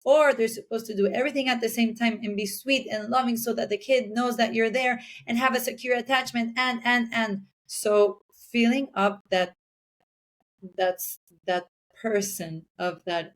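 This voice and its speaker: A woman's voice: a little high, steady tone, normal speed. A woman talking earnestly in a casual podcast chat as a guest giving parenting advice, sometimes acting out little scenes. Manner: earnest, acts out little scenes in other voices.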